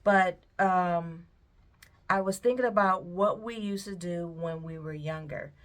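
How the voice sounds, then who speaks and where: A woman's voice: fairly low pitch, a little slow. A middle-aged woman, chatting casually and laughing as she reminisces while she works on a craft. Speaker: vlogger. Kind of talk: casual chat while pouring paint.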